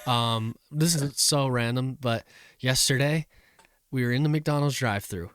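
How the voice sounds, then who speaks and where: Young male podcast co-host, mid pitch, dry close sound; rambling storyteller who laughs a lot. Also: measured pace, clean tone, no echo. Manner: rambling storyteller, laughs often, yelps punchlines. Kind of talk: casual chat.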